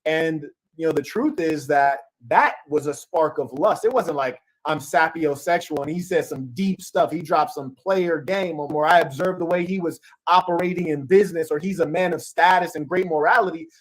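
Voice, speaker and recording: A man's voice: fairly high pitch, normal speed, few pauses. A man in a podcast clip giving blunt, lecturing advice in a casual way. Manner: lecturing, direct.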